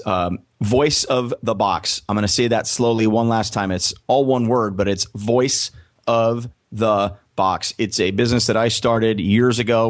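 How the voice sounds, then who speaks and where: A man speaking as a guest on a sports podcast, talking in a measured way and spelling out his website slowly. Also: fairly low pitch. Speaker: guest, press box announcer and career coach. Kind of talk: podcast interview.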